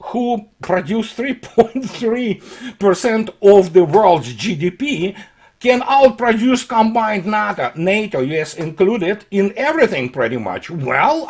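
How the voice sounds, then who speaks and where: Male commentator, higher-pitched voice, sarcastic and mocking, halting delivery with frequent fillers, solo monologue. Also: breathy edge. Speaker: political commentator.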